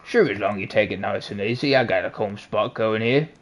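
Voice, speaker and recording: A man's voice: lowish voice, brisk, natural voice. A man voicing a laid-back animal street drifter who speaks in an easygoing drawl. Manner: easygoing drawl, calls others "friendo".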